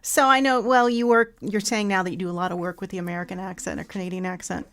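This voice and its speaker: A woman's voice: medium pitch, fairly even intonation, vocal fry, a bit bright. A woman in a middle register hosting a conversational podcast. She asks questions lightly and laughs along with her guest. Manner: friendly questioning, quick laughs. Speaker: podcast host. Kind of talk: casual interview chat.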